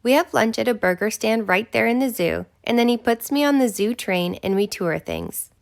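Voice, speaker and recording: A woman's voice: fairly high pitch, lively intonation, moderate pace, vocal fry. A woman narrating a romance audiobook in the first person, with a breathless, intimate delivery.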